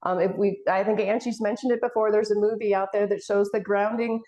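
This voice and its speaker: A woman's voice: medium pitch, steady tone, brisk, a little mellow. A woman hosting a casual spiritual discussion panel, talking earnestly and rambling, at times getting emotional. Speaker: panel host.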